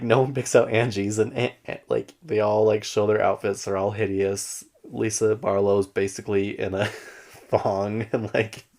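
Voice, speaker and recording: A man's voice: lowish voice, vocal fry, darkish tone. A man hosting a podcast, chatting casually and gossipy as he recaps a reality show, laughing often. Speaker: podcast host.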